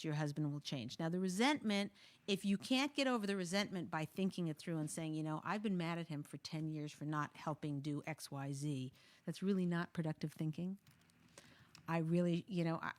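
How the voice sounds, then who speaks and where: A woman's voice: deep voice, no echo. Woman talk show host, advice chat, jokey, restarts often, dry close sound. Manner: lively, jokey, thinks aloud with many restarts.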